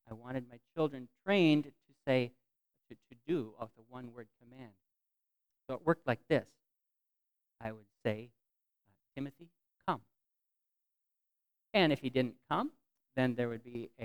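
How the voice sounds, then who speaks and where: A man's voice: medium pitch, smooth, dry recording, lo-fi sound. A middle-aged man preaching a sermon in church, earnest, reading scripture aloud with a voice that swells and drops. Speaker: pastor.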